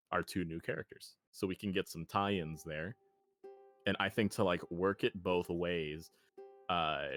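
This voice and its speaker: A man's voice: sits low, fairly bright tone. A man running a tabletop role-playing game, talking through plans in a laid-back, rambling way. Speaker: game master. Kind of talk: casual tabletop game planning chat.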